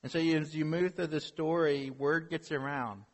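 A male preacher telling a story in a sermon, animated, asking rhetorical questions. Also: on the high side, moderate pace. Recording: long hall reverb.

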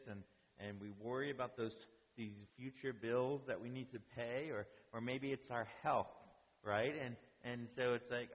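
A male pastor delivers a sermon at an even, middle pitch. He often restarts his words and asks his listeners "right?". His voice carries the long echo of a church hall. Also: moderate pace.

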